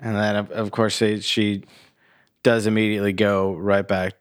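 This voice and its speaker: A man co-hosting a podcast, casually retelling movie scenes with lots of "like" and quick laughs. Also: fairly low pitch, flat delivery, clear, resonant tone, dry recording, clean studio sound. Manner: loose, laughing retelling with many likes. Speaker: podcast co-host. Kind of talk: casual movie review chat.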